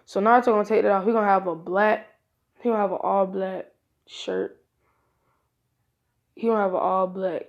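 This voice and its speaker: A woman tells a fan-made story in a casual, rambling way. She stops and restarts her sentences often and corrects herself as she goes. Her voice has a gravelly, creaky grain. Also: mid-range voice, highs cut off.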